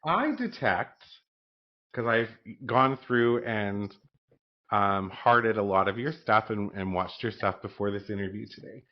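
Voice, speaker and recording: A man's voice: lowish voice, lively intonation, a little slow, muffled recording. Effusive podcast host man. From East Coast of North America. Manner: effusive, enthusiastic praise. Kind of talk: casual interview chat.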